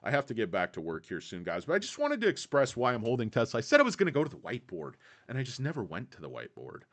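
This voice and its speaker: A man's voice: mid-range voice, wildly swooping pitch, rapid-fire, fairly bright tone. Rambling, foul-mouthed male streamer. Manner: rambling, profane, digressive. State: tired. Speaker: livestream host. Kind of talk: casual livestream chat.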